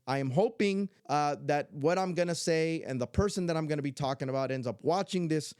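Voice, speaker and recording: A man's voice: a little high, a little fast, a little mellow, clean tone, no room sound, clean studio sound. A middle-aged man, a grandfather and YouTuber, talking earnestly and from the heart in a casual vlog, repeating himself for emphasis.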